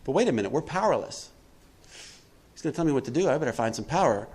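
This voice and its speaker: Man, mid-pitched, leading a recovery workshop; preachy, quizzes the room, acts out lines. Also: fast talker, husky. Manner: preachy, asks the room questions and answers them; acts out quotes with animated swings in pitch and volume. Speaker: workshop speaker.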